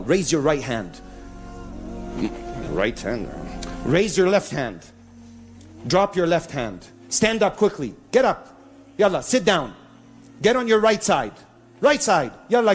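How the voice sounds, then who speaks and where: A man preaching a lively live sermon to an audience, mixing Arabic phrases into English, in a venue with a sound system. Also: fairly high pitch. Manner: animated, mixes in Arabic phrases.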